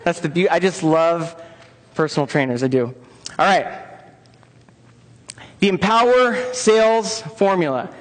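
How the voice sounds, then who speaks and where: A man's voice: on the high side, a little slow, long pauses. A man presenting at a conference for personal trainers, upbeat and coaxing the audience into joining in. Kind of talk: interactive conference lecture. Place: large conference room. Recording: long reverb of a conference hall.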